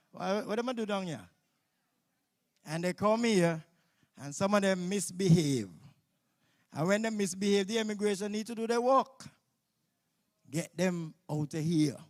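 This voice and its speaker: High-voiced Kittitian emcee man. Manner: loud, joking, teasing. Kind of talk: live stage emceeing with banter. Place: outdoor carnival stage.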